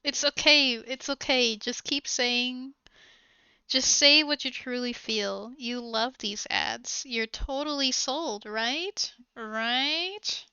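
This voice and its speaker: A woman's voice: sits high, steady tone, slow pace, pushed and bright, clear, resonant tone, no echo, dull audio. A woman streaming live, chatting casually with viewers, hesitant and giggly with many trailing ums.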